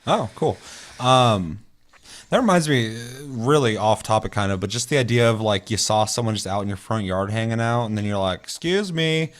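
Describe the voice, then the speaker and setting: Young guy with a lowish voice rambling thru a gaming story, swears a lot, casual podcast chat. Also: moderate pace. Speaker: podcast co-host.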